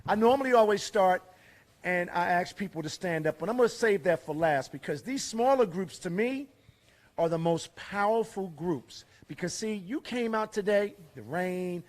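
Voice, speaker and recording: Animated and speaking at normal speed, a high-voiced middle-aged man preaches fiercely at a fairgrounds rally. He piles on rhetorical questions, shifting from loud to hushed to stress points.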